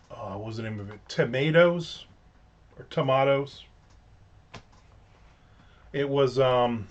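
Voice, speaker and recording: Man, middle-aged, casual livestream host, rambling, jokey asides, mid-pitched voice, slightly muffled lo-fi sound. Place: at home with windows open.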